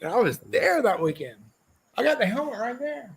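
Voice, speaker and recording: A man who raced motorcycles, telling loud and profane stories as a podcast guest, often slipping into mock quotes of other people. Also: extremely high pitch, very animated, moderate pace, vocal fry, husky. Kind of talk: unfiltered storytelling, heavy swearing. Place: podcast studio.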